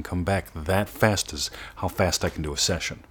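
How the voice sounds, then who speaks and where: A man giving a motivational coaching talk, earnest, sometimes slowing to a soft, drawn-out demonstration voice. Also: low-pitched, slight background noise. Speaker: manifestation coach.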